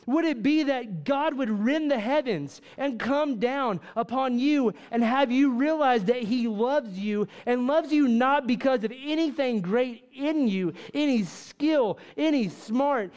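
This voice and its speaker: High-voiced fervent male preacher. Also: expressive, measured pace, few pauses, darkish tone, dull audio. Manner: fervent preaching full of rhetorical questions. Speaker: pastor. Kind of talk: sermon. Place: church with congregation.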